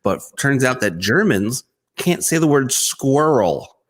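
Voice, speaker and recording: A man's voice: medium pitch, very animated, slow pace. A man co-hosting a comedy chat show, eagerly sharing trivia. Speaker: comedian co-host.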